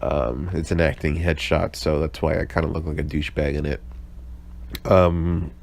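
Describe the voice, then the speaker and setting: A man's voice: very deep voice, level tone, normal speed, gravelly. A young man hosting his own casual podcast, hungover, sarcastic, rambling and swearing constantly with lots of fillers and restarts. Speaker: podcast host. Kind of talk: casual solo podcast check-in.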